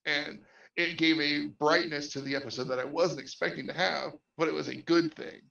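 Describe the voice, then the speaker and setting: Guest game master, male, gravelly and a bit high-pitched, rambling chat, echoey far-off mic. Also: steady tone, normal speed, bright, forceful tone. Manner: rambling, restarts often, laughs between points. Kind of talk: casual podcast chat. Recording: echoey distant dull-sounding audio.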